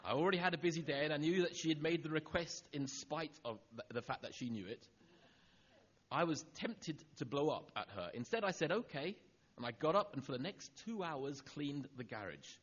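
A middle-aged male preacher tells a personal story from the pulpit, acting out each line of dialogue. His husky voice moves freely up and down in pitch and sinks quiet on the tender moments. The recording is dull and lo-fi. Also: normal speed. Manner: animated storyteller acting out dialogue, dropping soft for tender lines. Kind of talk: sermon storytelling.

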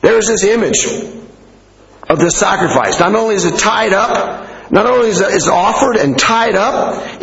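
A man's voice: high voice, animated, moderate pace, gravelly, fairly bright tone, a little hiss or hum. A man preaching a sermon in an informal way, repeating phrases and putting questions to his listeners. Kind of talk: conversational sermon. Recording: echoey hall, slightly dull sound.

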